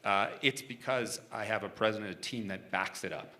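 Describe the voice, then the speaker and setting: Onstage, a man answers questions about his job as a hostage negotiator in a frank, easygoing manner, with frequent chuckles and restarted sentences. His voice is on the low side with a sharp tone, and his pace is brisk.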